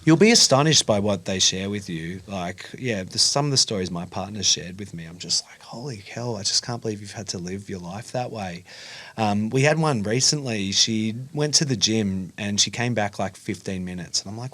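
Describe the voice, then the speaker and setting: Brief: young guy, lowish voice, animated storyteller on a chat podcast. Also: normal speed. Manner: animated storytelling, acting out dialogue. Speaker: podcast guest. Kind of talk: casual podcast conversation.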